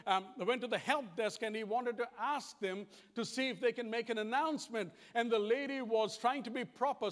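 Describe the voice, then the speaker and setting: High-voiced Kiwi preacher in a reverberant hall. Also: male voice, a bit bright. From New Zealand. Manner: earnest, repetitive, plain-spoken. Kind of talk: conversational sermon.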